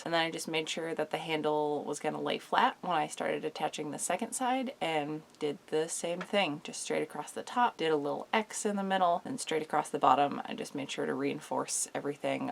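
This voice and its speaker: A woman vlogger talks through a sewing repair in her workshop, her low, gravelly voice still groggy from early morning. She rambles in a relaxed, self-deprecating way, as if chatting with friends. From United States. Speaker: craft vlogger. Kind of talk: casual chat to camera. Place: her craft shop, indoors.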